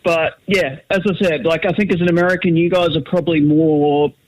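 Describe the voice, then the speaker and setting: A man from Australia with an Australian accent, calling in to a talk show and joking, with halting restarts. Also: a little high, fairly even intonation, no room sound. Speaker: caller. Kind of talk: casual phone call. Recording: tinny phone line.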